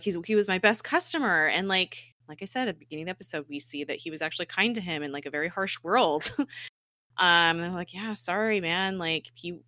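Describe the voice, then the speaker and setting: Young woman, casual podcast chat, bright forceful voice, lowish pitch, dry close sound. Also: no echo. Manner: animated retelling, acting out quotes, frequent laughter and "like" fillers. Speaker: podcast co-host recapping a TV episode.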